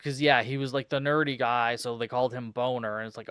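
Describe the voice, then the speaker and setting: A man's voice: medium pitch, fairly even intonation, fast talker, fairly bright tone, clean tone, dry recording, studio quality. A young man hosting a podcast, recapping a movie in a sarcastic, exasperated way and swearing freely. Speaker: podcast host. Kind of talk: casual movie review recap.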